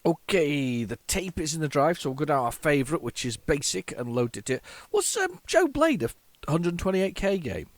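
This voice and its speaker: A man with a slightly high voice talks casually as he hosts a retro gaming video. He rambles, restarts his sentences and fills gaps with ums. A faint hum of noise sits under the recording. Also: sing-song, moderate pace. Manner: rambling, chatty, many fillers and restarts. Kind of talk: casual chat while showing old game tapes.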